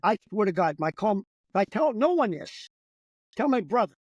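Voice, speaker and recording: A man's voice: sits high, sing-song, normal speed, no room sound, muffled recording. An older man, a comedian, telling a rambling, profane story in casual conversation. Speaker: comedian guest.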